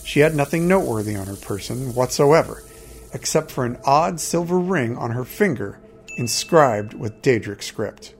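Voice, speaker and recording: Man narrating a dark fantasy tale. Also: mid-range voice, vocal fry, soft background music. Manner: steady, measured storytelling. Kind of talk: first-person fantasy story narration.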